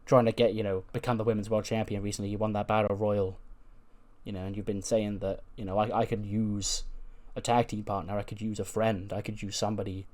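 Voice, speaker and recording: A man puts on a level-headed young woman wrestler, easygoing and persuasive, in a soft, low-key version of his own voice. She talks a friend round without pushing. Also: flat delivery, fairly quick, natural voice.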